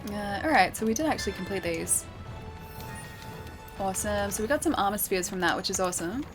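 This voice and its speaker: A woman's voice: mid-range voice, expressive, brisk, music in the background. A young Australian woman chatting casually with her livestream chat while playing a game, laughing often and reading messages aloud. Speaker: streamer.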